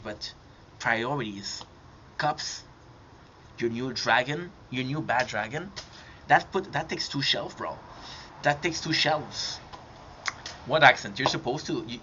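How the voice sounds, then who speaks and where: Over a dull, lo-fi recording with faint background noise, a male live streamer with a French accent casually chats up a stranger. His mid-range voice sounds pushed and bright as he teases and swears freely while joking.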